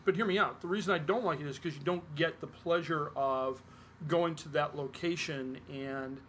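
A man's voice: a little high, moderate pace, fairly bright tone, slight background noise. Rambling man co-hosting a casual podcast. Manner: rambling, restarts often, self-corrects. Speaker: podcast co-host. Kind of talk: casual chat.

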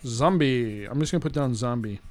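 A man co-hosting a casual podcast, cracking quick jokes and tossing out playful one-liners. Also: mid-range voice, noisy background. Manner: playful, quick quips and movie lines. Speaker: podcast co-host. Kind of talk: casual chat.

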